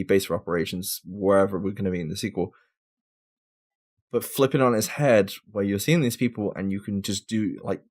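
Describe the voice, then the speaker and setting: A man's voice: on the low side, a little mellow. A man hosting a casual gaming podcast, talking in a rambling, laid-back way and swearing now and then. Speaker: podcast host.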